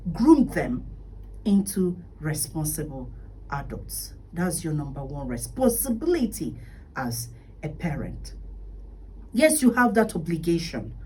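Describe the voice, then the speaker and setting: A woman's voice: on the low side, a little mellow, distant mic, slight background noise, low-quality recording. A woman with a Nigerian accent hosting a radio advice talk on parenting, speaking emphatically with rhetorical questions and sometimes dropping into a whisper. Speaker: radio talk show host.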